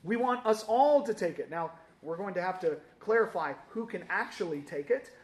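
High-voiced man teaching in a church. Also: normal speed, echoey room. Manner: lively, joking, with many fillers. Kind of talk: casual teaching sermon with audience questions.

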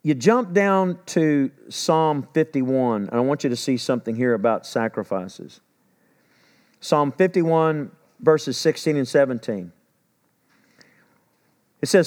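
Slow and expressive, pausing often, a pastor with a slightly high voice and a darkish tone preaches in a relaxed, conversational style. He raises rhetorical questions only to answer them, and voices other people's words in an offhand, everyday way.

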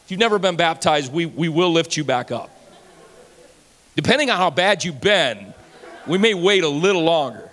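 A man's voice: fairly high pitch, expressive, moderate pace, fairly bright tone, in a large hall. A man in his fifties preaching a sermon as pastor, telling stories conversationally and acting out dialogue with repeated words.

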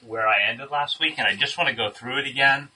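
A man's voice: medium pitch, quick pace. A man leading a casual group Bible study, thinking aloud and stressing key words. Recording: distant mic with faint room noise.

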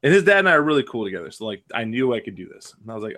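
Male podcast host, mid-range pitch, animated casual storyteller. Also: racing. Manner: animated storyteller, laughs often.

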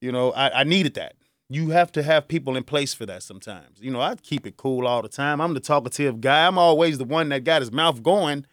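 A man's voice: medium pitch, brisk, a bit bright, dry recording, studio quality. A man hosting his own talk show, telling a heartfelt story in a casual, emotional way. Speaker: podcast host.

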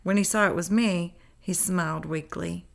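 A woman reads her own memoir aloud in a calm, unhurried manner. Her voice sits on the low side, and she tells the story plainly. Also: gravelly. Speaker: narrator. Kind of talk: memoir read-aloud narration.

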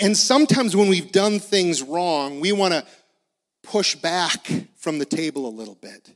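A man's voice: high voice, big-room sound. A man in his forties preaching a sermon in an earnest, conversational way. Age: 40s. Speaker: pastor.

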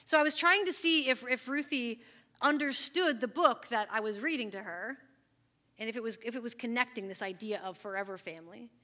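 A woman's voice: fairly high pitch, brisk, bright, forceful tone. A woman in her forties telling a personal story during a church talk, chatty and loose, with many "like"s and "um"s. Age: 40s. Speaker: speaker at a church service.

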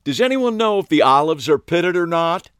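A man's voice: fairly high pitch, expressive, moderate pace, a bit bright, smooth, dry recording, clean studio sound, voice pushed up. A man voicing a girlish, sly woman harpist who gushes and drawls her words. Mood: airy.

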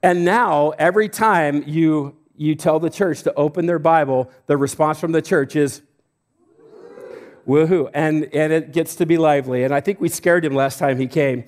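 A man's voice: on the high side, fairly even intonation, moderate pace, few pauses, darkish tone. A man preaching as a visiting pastor, speaking conversationally with jokes, fillers and restarts before a church. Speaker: guest pastor. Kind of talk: sermon. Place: church sanctuary.

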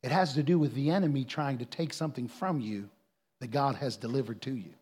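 A man's voice: medium pitch, brisk, a little mellow, breathy edge. A man, a pastor preaching and answering a question, telling stories earnestly and building to emphatic peaks.

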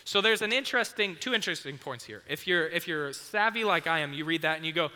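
A youth pastor giving a casual, chatty sermon and acting out the scenes. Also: male voice, on the high side, expressive, fast talker, hardly any pauses, bright, forceful tone, big-room sound. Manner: chatty and conversational, acts out scenes.

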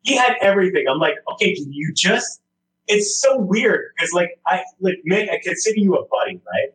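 An animated man in his forties chats loosely, full of "like" and false starts. His voice sits high and swings widely in pitch. The room around him is noticeably echoey. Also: normal speed. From Montreal, Canada. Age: 40s. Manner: animated storyteller, lots of "like" and restarts. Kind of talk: casual chat.

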